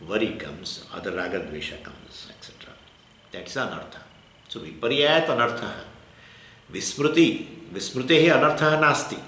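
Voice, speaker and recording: A man's voice: on the low side, a bit bright. A man with an Indian English accent giving a spiritual discourse as a Vedanta teacher, explaining in short repeated phrases with Sanskrit terms. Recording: echoey room with faint ambient noise.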